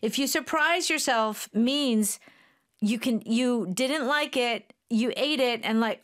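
A woman's voice: fairly high pitch, slow pace. A woman hosting an English lesson, explaining phrases and asking her co-host questions. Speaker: English teacher.

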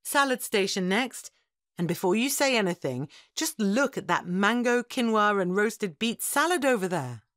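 A woman's voice: mid-range voice, animated, normal speed, a bit bright, dry recording, studio quality, natural voice. A woman voicing an upbeat friend who coaxes and teases in a scripted textbook dialogue. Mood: coaxing. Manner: teasing, persuasive. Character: upbeat female friend pushing salad.

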